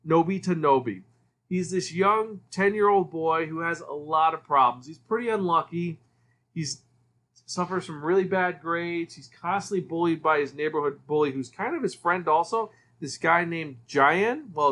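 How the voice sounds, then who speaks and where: A man hosts a casual solo review podcast, with a bright voice pitched a little high. He talks enthusiastically and rambles easily from point to point. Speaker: podcast host.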